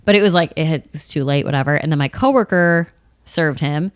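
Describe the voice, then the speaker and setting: A woman in her thirties chatting on a podcast, telling work stories in a lively way and acting out the people in them. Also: low voice, a little fast, clear, resonant tone, no echo, studio quality. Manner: animated storytelling, acts out bar customers and managers. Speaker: comedian guest. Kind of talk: casual podcast chat.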